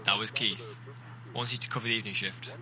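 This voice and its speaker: A casual young British flatmate passes on a message, as a man puts on the voice. He speaks low and monotone, offhand. A crowd hums behind. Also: quick pace, natural voice. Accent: put-on British.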